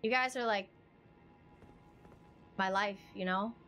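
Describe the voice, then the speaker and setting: A woman live-streaming a video game, chatting with her viewers, rambling and emotional, then excitable during play. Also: mid-range voice, slow pace, faint music behind. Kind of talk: live gameplay stream chat. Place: home streaming setup.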